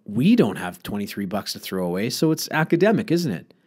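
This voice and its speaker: A man's voice: on the low side, sing-song, a little fast, darkish tone, husky. A man voicing a confident, pushy schoolboy who talks his friends into a scheme, in a storybook reading. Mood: scheming. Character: eager schoolboy pal, a bold schemer.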